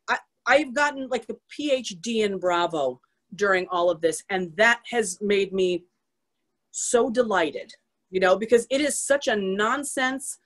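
A woman's voice: mid-range voice, fairly bright tone. Chatty woman author, self-deprecating, rambling, video-call sound. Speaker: author guest. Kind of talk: casual chat on a virtual author event.

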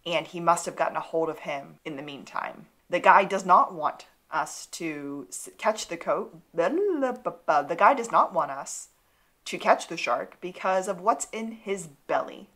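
A woman co-hosting a podcast, narrating an episode recap in relaxed casual chat with dry asides. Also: fairly low pitch, unhurried. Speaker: podcast co-host.

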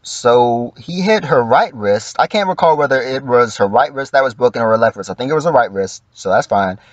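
A man's voice: medium pitch, animated, brisk, no echo, dull audio. A man giving casual, profane livestream commentary, acting out quoted lines in mock voices.

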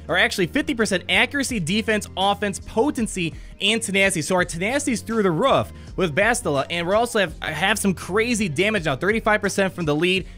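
Excitable high-voiced man gaming commentary. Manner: enthusiastic, exclamatory, rambling with restarts. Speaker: gaming YouTuber.

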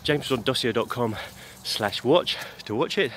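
A man hosting a daily podcast, giving a casual news update while walking uphill, out of breath and halting with many fillers and restarts. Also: medium pitch, a bit bright. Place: outdoors on a hill. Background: clear outdoor noise.

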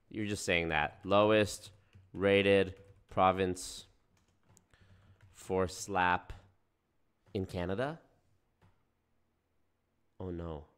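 A young man hosting a casual livestream, reacting to chat in a profane, animated way. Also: deep voice. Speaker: livestream host.

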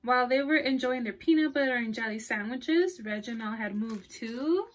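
A woman's voice: fairly high pitch, normal speed. A woman librarian reading a picture book aloud to children. She stops to ask her listeners questions and laughs often.

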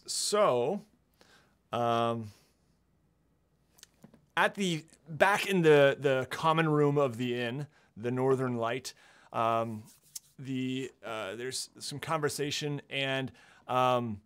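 A man narrates a tabletop game as the game master. He talks in a halting way, filling pauses with ums. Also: medium pitch, a bit bright, smooth.

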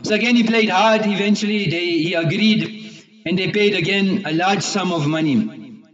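A man with a fairly high voice tells a moral folk tale at an easy pace, stopping on frequent "uh" fillers and slipping into the characters' lines. The sound is distant, roomy and dull. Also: fairly bright tone. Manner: unhurried retelling with frequent "uh" pauses and acted quotes. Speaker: storyteller.

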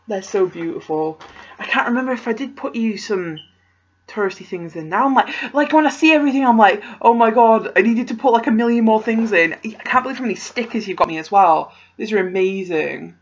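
A young woman, chatting casually as she unboxes a parcel, gasping and gushing with excitement. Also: fairly high pitch, a little slow. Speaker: vlogger opening a parcel. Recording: slightly dull home video audio.

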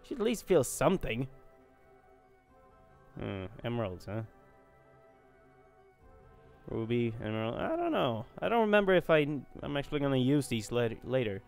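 A man's voice: medium pitch, wildly swooping pitch, normal speed, creaky, a little mellow, soft background music. A man giving casual, joking, profane commentary while playing a fantasy role-playing game. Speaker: gaming video host. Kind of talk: casual let's-play commentary.

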